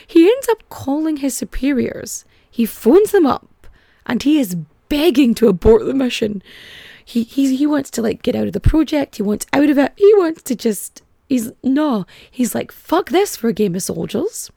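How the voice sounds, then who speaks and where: A woman's voice: high-pitched, lively intonation, normal speed, creaky, dark tone, no room sound, clean studio sound. A woman hosting a casual comic history podcast, chatty and irreverent, with frequent swearing and filler words. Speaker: podcast host.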